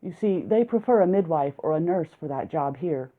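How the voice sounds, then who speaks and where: Woman reading male village doctor, earnest, deliberate, lowish voice, tinny lo-fi audio. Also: lively intonation. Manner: measured and deliberate. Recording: narrow, phone-like lo-fi sound.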